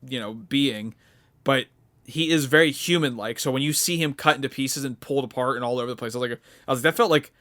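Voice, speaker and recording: Young guy rambling on a podcast, lots of likes and uhs, average pitch. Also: quick pace, a bit bright. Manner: rambling, many fillers and restarts. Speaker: podcast co-host. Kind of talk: casual chat.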